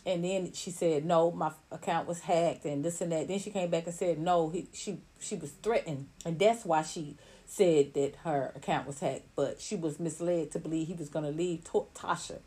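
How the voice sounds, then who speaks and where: A woman giving blunt, animated celebrity gossip commentary on her own channel. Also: lowish voice, moderate pace, few pauses. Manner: animated, blunt, rising to heated outbursts. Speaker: commentary vlogger.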